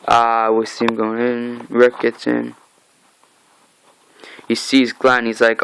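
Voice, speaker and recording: A man's voice: medium pitch, slow pace, vocal fry, long pauses, smooth, poor audio. A man giving a casual comic book recap, reading the dialogue aloud in an offhand way, with frequent "uh"s and "like"s. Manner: reads the dialogue aloud in a flat, offhand way, with many "uh"s and "like"s.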